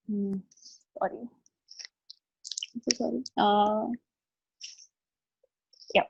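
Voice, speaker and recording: A woman with an Indian English accent coaches a group over a video call, talking in a chatty way and checking in with them often. Her voice is a little husky, and it sits close and dry with no room echo. The call audio is dull and lo-fi. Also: on the high side. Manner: chatty, explains step by step, often checks in with the audience. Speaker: life coach. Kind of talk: live online coaching session.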